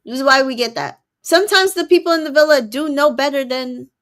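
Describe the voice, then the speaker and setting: A woman's voice: high voice, a little fast, a bit bright. A woman who is a mother of two boys, co-hosting a casual recap chat, summarizing events with many ums and exasperated asides. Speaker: co-host.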